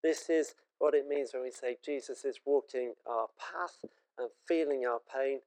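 A man's voice: mid-range voice, moderate pace, darkish tone, low-quality recording. A British man preaching a sermon in an earnest, conversational and emotive way.

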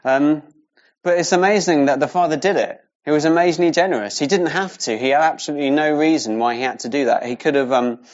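A man's voice: on the high side, quick pace. A man gives an informal Bible teaching. He talks in a loose, rambling way and often checks in with "yeah?". The recording sounds a little dull and lo-fi. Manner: casual, rambling, with many fillers and tag questions. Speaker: Bible study leader.

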